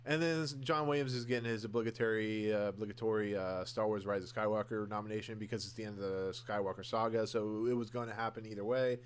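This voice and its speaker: A young man hosts a solo podcast, talking casually and candidly about what he likes and dislikes. His voice sits low and sounds smooth and clear. He rambles loosely, with frequent fillers and restarts, and gets eager when he praises his favorites. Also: steady tone, quick pace, hardly any pauses. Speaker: podcast host.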